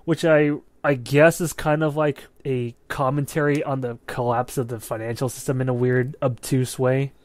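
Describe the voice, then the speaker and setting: He keeps the movie review chat going at normal speed with hardly any pauses, his medium-pitched voice animated and full of swearing. As co-host, he frequently tosses in a "right?" to check in.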